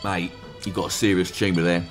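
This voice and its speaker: Comic playing a blunt working-class surgeon, brisk and matey, music faint behind. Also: male voice, deep voice, flat delivery, pitched below the performer's own voice, close to an everyday voice.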